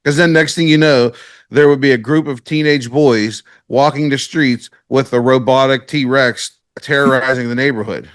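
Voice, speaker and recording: A man's voice: medium pitch, steady tone, normal speed, no room sound, studio quality. A man hosting a podcast in casual chat, rambling and laid-back, full of filler words. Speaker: podcast host.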